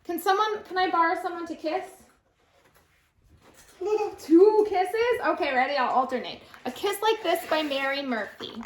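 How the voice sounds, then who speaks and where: High-voiced storytime librarian. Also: female voice, normal speed. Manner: sing-song, animated storytime voice. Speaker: children's librarian. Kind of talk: storytime reading and lap-bounce songs. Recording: echoey room with faint noise.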